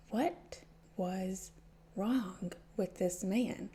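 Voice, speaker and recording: A woman's voice: mid-range voice, moderate pace, creaky, mellow. A woman reading a fanfiction audiobook aloud with dry, wry narration. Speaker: podfic reader.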